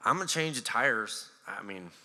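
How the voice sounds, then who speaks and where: A man with an American accent preaching a sermon as pastor, animated and acting out voices with a touch of sarcasm. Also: mid-range voice, moderate pace, a little hiss or hum. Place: church hall. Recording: church hall reverb.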